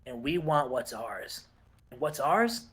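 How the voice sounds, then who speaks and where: A man playing an intense male wrestler cutting a slow, menacing promo in a game session. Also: big pitch swings, a bit bright, breathy edge, heavily acted. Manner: low, slow, menacing delivery.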